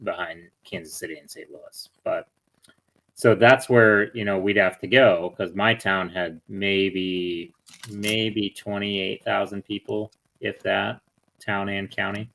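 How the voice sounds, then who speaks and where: A middle-aged man from Missouri hosting a casual stream chat, telling rambling stories with deadpan dad jokes. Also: lowish voice, takes it slowly, creaky. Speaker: stream host.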